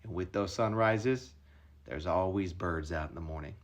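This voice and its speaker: A man impersonating a cocky middle-aged male celebrity golfer, speaking low and slowly with swagger. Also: natural voice. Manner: low, slow, swaggering delivery.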